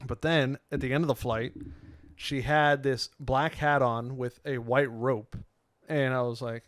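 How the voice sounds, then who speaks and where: A young man co-hosting a podcast in casual chat, telling stories with lively quoted voices and frequent laughs. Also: a little fast, no room sound, studio quality. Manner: animated storyteller, acts out quotes with sudden loud pitch jumps, laughs often. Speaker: podcast co-host.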